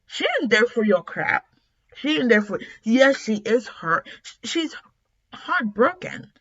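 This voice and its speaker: A woman casually recapping a comic story as a reviewer, retelling it in an animated, emphatic way. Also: a little high, a little slow, breathy edge, highs cut off. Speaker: webtoon reviewer.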